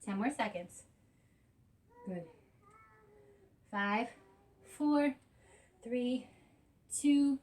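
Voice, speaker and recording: A woman's voice: on the high side, slow pace, long pauses. Breathless woman coaching a home workout. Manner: encouraging, counting down reps between breaths. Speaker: fitness instructor. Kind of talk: coaching a workout while exercising. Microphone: camera on a tripod at a distance. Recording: voice from a distance.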